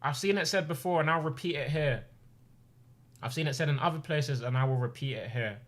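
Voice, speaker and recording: A fairly quick, somewhat high male voice belongs to a man in his twenties streaming from home. He speaks earnestly and with passion about personal, emotional things, repeating phrases to stress them.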